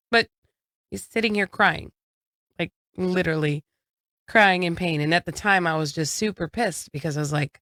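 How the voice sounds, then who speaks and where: A woman's voice: lowish voice, unhurried, long pauses, a bit bright, dry recording, clean studio sound. A woman in her thirties co-hosting a podcast, telling a family story in a frank, casual way and swearing now and then. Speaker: podcast co-host. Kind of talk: casual chat.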